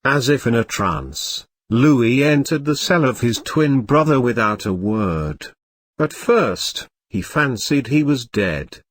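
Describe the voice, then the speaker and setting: Slow, lively-voiced male storyteller. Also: mid-range voice, no echo. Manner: measured storytelling, voicing characters with light shifts. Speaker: narrator. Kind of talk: audiobook reading of a classic novel.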